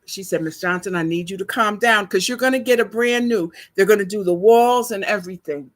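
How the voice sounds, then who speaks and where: An older woman, telling a story to her viewers in a slow, chatty, emotional way, teary and sniffling. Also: mid-range voice. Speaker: vlogger.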